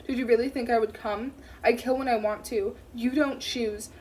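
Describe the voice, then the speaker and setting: A woman's voice: fairly high pitch, steady tone, moderate pace, darkish tone, a little hiss or hum, lightly acted. A woman reading as a smug male killer. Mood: gloating. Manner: smug, taunting. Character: menacing male serial killer, calm and smug.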